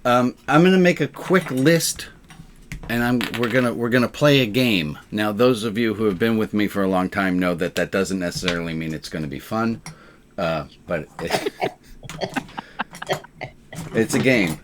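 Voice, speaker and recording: A man's voice: lowish voice, normal speed, a little hiss or hum. A man, a rabbi, leading a community group discussion with dry, wry asides.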